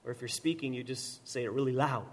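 A man preaching a sermon, swinging from loud emphatic repetition to quiet, slow lines, with touches of gentle humor. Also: medium pitch, steady tone. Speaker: pastor.

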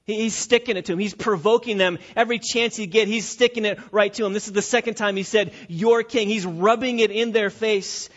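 A man's voice: high-pitched, steady tone, fairly quick, few pauses, a bit bright, highs cut off. A male pastor preaching an expository sermon, emphatic and repetitive, often asking rhetorical questions.

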